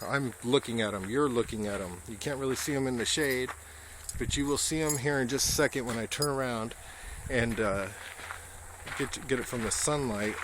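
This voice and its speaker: A man's voice: mid-range voice, moderate pace. A man on a casual vlog, reading inscriptions aloud outdoors with wry asides, recorded on a handheld camera. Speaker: vlogger visiting a monument. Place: outdoors at a rural monument. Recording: noisy outdoor camera audio.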